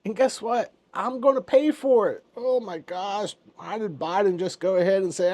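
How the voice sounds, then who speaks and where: A man in his fifties talks through market news in a loose, chatty way. He chuckles often and drops joking asides. His voice sits a little higher than most men's. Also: normal speed, hardly any pauses, darkish tone. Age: 50s. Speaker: finance channel host. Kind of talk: casual commentary.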